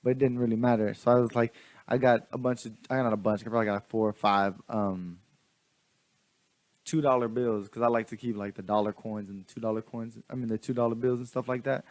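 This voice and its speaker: A man's voice: mid-range voice, fairly even intonation, brisk, darkish tone, dry recording. A man casually telling a story to his camera, rambling with restarts and slang. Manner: rambling, many restarts, laughs often; slangy, laid-back. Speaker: vlogger.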